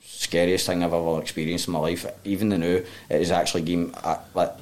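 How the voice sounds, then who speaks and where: Glaswegian guy on a podcast, lowish voice, sweary and blunt, keeps restarting his sentences. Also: level tone, fast. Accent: Glasgow Scottish. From Glasgow, Scotland. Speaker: guest. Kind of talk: candid storytelling in a podcast interview.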